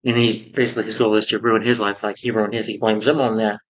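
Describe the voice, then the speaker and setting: A man with a fairly low voice walks through a cartoon episode in a loose, rambling recap, leaning on "you know" and restarting his sentences. The sound is dull and lo-fi. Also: level tone, fast talker. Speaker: cartoon reviewer. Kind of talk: casual spoken review.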